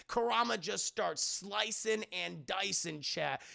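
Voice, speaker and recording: High, gravelly man recapping to chat. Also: slow, pushed and bright. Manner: rambling, swears often, addresses chat. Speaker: show reviewer. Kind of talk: casual profane recap to a live chat.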